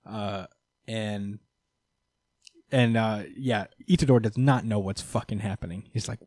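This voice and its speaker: With a lowish voice, a man talks a little slowly and pauses often as he recaps a manga chapter for friends in casual podcast chat. He tells it with animation, performing the characters' lines and swearing freely. The sound is dry and studio quality.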